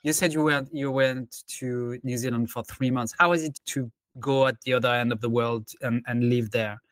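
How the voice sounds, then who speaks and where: A man hosting a podcast, asking his guest questions in a casual, halting way. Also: mid-range voice, fairly even intonation, no room sound. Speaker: podcast host. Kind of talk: casual interview chat.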